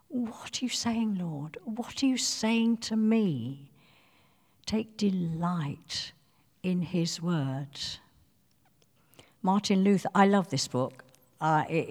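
A woman giving a devotional sermon, speaking earnestly and pleading softly as she dwells on scripture. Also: medium pitch, big-room sound. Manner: earnest, pleading, soft when quoting scripture. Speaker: preacher.

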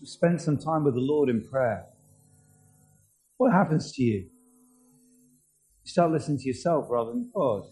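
A man's voice: fairly high pitch, mellow, poor audio. A man preaching a sermon, earnest and asking his listeners many questions.

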